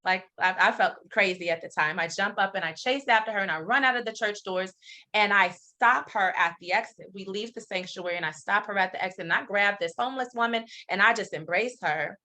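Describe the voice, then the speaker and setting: Bright-voiced woman telling a personal story. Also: medium pitch, fairly quick. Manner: animated, candid storyteller with frequent ums. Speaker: interview guest, company founder. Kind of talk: personal storytelling in casual conversation.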